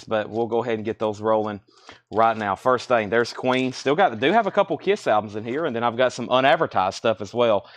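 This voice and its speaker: Brisk man selling records live. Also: mid-range voice, fairly bright tone. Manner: brisk, chatty auctioneer-style listing of prices. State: slightly choked, coughing. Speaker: livestream record seller. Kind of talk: live sales stream. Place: indoor record shop.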